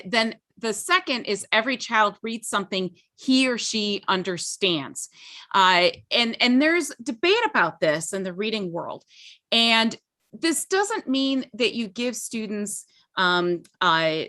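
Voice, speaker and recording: A woman's voice: mid-range voice, pushed and bright. A woman co-hosting a teaching webinar over a video call, explaining in a chatty way with many fillers and frequent "okay?" checks. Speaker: webinar co-host, literacy educator.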